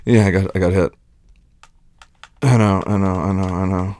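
A young man in a whispered role-play, close to the mic, with low, commanding, teasing talk that often drops to a breathy whisper. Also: fairly even intonation, normal speed, pauses often, darkish tone. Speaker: audio role-play performer.

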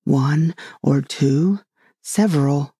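A reader voicing a solemn, rambling knight who loves his inventions, speaking gravely and earnestly in a storybook reading. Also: medium pitch, normal speed, warm tone, dry recording, studio quality.

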